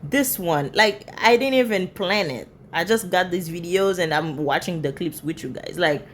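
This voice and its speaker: Woman host, low voice, lecturing reaction commentary. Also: normal speed, a little hiss or hum. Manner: disapproving, lecturing.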